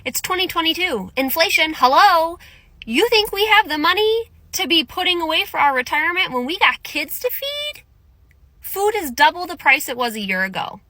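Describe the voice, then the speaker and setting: High, sarcastic woman ranting. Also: animated, a little fast, bright, forceful tone, dry recording. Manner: sarcastic, exasperated. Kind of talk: sarcastic rant.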